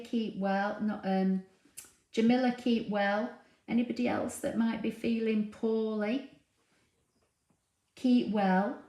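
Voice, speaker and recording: In a roomy, echoey recording made in a home room with a dog nearby, a fairly high-pitched woman hosts a craft livestream. Relaxed and chatty, she reads viewers' comments out loud, often laughing and saying um.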